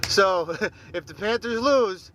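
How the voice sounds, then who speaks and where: A male listener leaving a casual talkback message, joking and chuckling as he goes. His voice sits a little high and has a bright, forward tone. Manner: jokey, laughs between lines.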